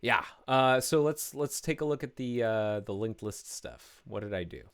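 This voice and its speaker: A man's voice: mid-range voice, normal speed, clean tone. A man live-streaming his coding work, talking through each step casually with many fillers and restarts.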